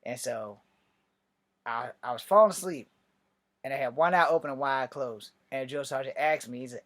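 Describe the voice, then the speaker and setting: A man's voice: mid-range voice, brisk, fairly bright tone. A man telling a loose, profane anecdote in a casual, rambling way. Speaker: storyteller.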